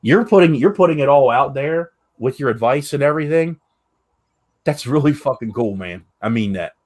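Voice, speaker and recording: A male podcast host in relaxed conversation. He speaks candidly and earnestly at a mid pitch, with the odd curse word thrown in. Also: normal speed. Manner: candid, earnest, swears freely. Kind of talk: casual chat.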